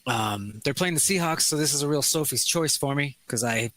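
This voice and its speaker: A man co-hosting a podcast in casual chat, excitable and swearing as he rants. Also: mid-range voice, moderate pace. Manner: excitable, swears often, rants about sports. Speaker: podcast co-host.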